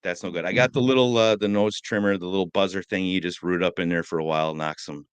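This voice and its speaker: A middle-aged man co-hosting a morning show, telling rambling, joking stories in a relaxed chat. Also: low-pitched, fast, clear, resonant tone, no echo. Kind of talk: casual chat.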